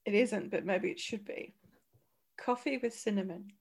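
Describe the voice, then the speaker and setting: A woman in her thirties chatting on a podcast, animated and laughing often, with frequent restarts. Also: mid-range voice, moderate pace, husky. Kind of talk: casual chat.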